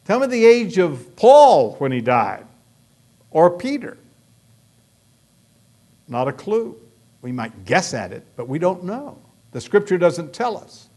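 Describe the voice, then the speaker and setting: A male pastor delivers a sermon in an animated, swooping voice a little high for a man, speaking slowly with frequent pauses. He hammers his points with emphatic rhetorical questions and leans into key words.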